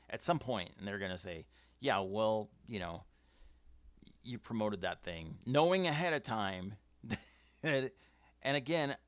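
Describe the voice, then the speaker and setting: A man's voice: lowish voice, fairly bright tone, no room sound. A man hosting a casual livestream, giving firm opinions and reading out viewer comments. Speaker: livestream host. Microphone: webcam setup.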